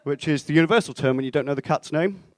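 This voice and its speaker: Deadpan young stand-up. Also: male voice, on the high side, fast talker, no room sound. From England (Stoke-on-Trent). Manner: deadpan, self-mocking delivery with acted-out dialogue. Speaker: stand-up comedian. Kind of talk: stand-up comedy set. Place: comedy club stage.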